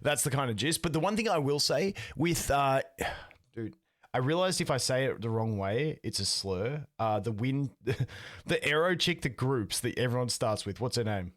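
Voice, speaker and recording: A young man co-hosting a podcast in casual chat, his voice worn out after just waking up, relaxed and laughing often. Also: medium pitch, moderate pace, no room sound, studio quality. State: voice shot, just woke up. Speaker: podcast co-host.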